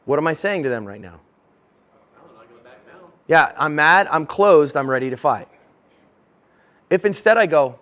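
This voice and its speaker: Man, self-defense instructor, conference talk, casual, acts out dialogues, slightly high voice. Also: brisk, fairly bright tone. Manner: casual, acts out both sides of example conversations. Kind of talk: conference talk with acted role-play. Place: conference room.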